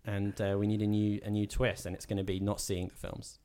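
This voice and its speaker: A man with a low voice chats casually about films as a podcast co-host. His tone is smooth and resonant, and he riffs and jokes constantly, swearing now and then. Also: completely flat delivery, a little fast, warm tone. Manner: jokey, riffing, with frequent laughter. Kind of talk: casual film-review chat.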